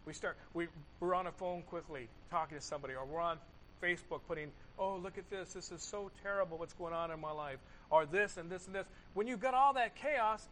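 High-voiced preacher with dramatic dynamics. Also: male voice, a little hiss or hum, poor audio. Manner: swings from loud emphasis to hushed, repeats phrases, rhetorical questions. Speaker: pastor. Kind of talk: sermon.

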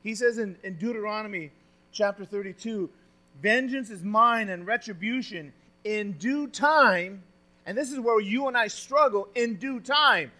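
A male pastor preaching a sermon, moving between loud, emphatic exhortation and quiet, confiding stretches, often asking the congregation questions. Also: high voice, normal speed. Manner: says "friends" and asks the congregation questions.

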